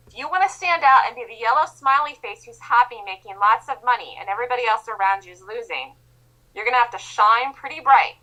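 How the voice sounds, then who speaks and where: A woman trading instructor gives a motivational talk with emphatic insistence. Her voice is bright and sits a little high. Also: low-quality recording. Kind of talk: motivational lecture.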